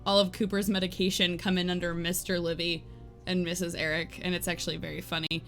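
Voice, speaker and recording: A woman's voice: lowish voice, fast. Casting: woman game streamer, rambling and giggly, casual, faint game music underneath. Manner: chatty, rambling, peppered with "like"; giggly, animated storytelling. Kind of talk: casual live-stream chat.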